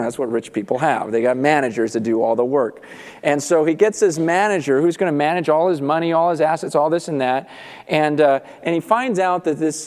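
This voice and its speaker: A man preaching a sermon, retelling a parable with lively storytelling and acted-out voices. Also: a little high, in a large hall. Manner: animated storytelling, acts out characters. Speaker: pastor.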